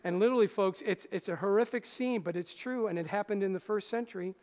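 A male pastor preaching a sermon, swinging from loud rousing lines to hushed soft ones and asking the congregation questions. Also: high voice, quick pace. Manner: speaks straight to the congregation with questions. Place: church hall. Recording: hall reverb.

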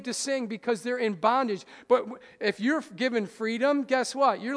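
A man with a high voice preaches a sermon to his congregation. He swings from loud rousing lines to hushed soft ones and keeps asking his listeners questions. The hall rings with a long reverb. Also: normal speed, hardly any pauses. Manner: speaks straight to the congregation with questions. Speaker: pastor. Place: church hall.

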